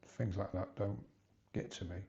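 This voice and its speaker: A man's voice: sits low, steady tone, normal speed, gravelly, dark tone, lo-fi sound. A man in his fifties talking hesitantly in a personal confessional vlog, rambling and restarting often. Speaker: vlogger.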